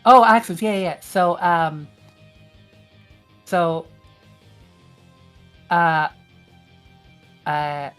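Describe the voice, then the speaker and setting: Female streamer, English not her first language, low-ish voice, halting chatty delivery. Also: smooth, faint music behind. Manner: hesitant, many fillers, reads chat aloud. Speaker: streamer host. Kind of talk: casual chat.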